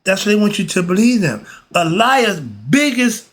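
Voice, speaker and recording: A man's voice: high voice, very animated, moderate pace. A man teaching philosophy in a casual, emphatic way, often throwing rhetorical questions at his listeners. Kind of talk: casual spoken lesson.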